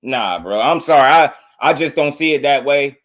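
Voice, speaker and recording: A man's voice: medium pitch, animated, normal speed, a bit bright. A young man, giving heated live reaction commentary and repeating his points to the chat. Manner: argumentative, emphatic, repeats points, addresses chat as bro. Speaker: boxing reaction streamer.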